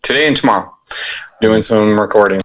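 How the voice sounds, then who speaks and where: Calm low-voiced man in a hotel room. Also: fairly quick, a little hiss or hum, rough recording. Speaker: podcast co-host. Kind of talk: casual chat.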